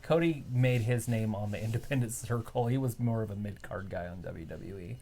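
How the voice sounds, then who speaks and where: A woman's voice: very deep voice, fairly quick, dark tone. A woman co-hosting a casual live reaction chat, giving wry running commentary with trivia asides. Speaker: co-host reacting to a wrestling show.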